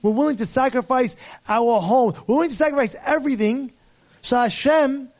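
A man telling a story in a sermon, swinging from hushed to shouting and repeating phrases for emphasis. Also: extremely high pitch, moderate pace. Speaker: speaker at a religious event.

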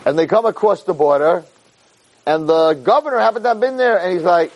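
A man giving a Torah class as an animated storyteller, peppering his talk with Hebrew terms and rising high for emphasis. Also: normal speed, rough recording.

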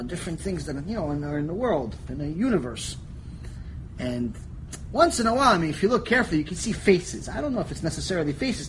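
A man teaching a Torah lecture, animated storytelling that jumps between quiet asides and shouted lines, joking with his listeners. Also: a little high, slight background noise, poor audio. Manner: animated storytelling, acts out voices, jokes, shouts for emphasis. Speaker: rabbi teaching a lecture series.

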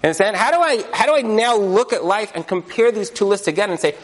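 A man giving a lively sermon as a rabbi, telling stories and acting out the voices in them. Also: high voice, fast, few pauses. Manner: animated storytelling, acting out voices. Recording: long hall reverb.

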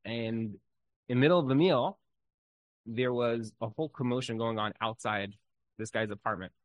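A man leads an informal Torah class in a loose, conversational way, full of fillers and lively storytelling. His voice sits at an ordinary middle pitch. The sound is dry and close. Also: normal speed, dry recording, poor audio. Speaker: Torah teacher.

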